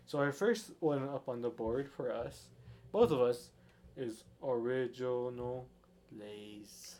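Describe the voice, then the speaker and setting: A man's voice: medium pitch, slow, warm tone. A young man co-hosting a casual podcast, rambling and restarting his sentences, often laughing. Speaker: podcast co-host. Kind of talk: casual chat.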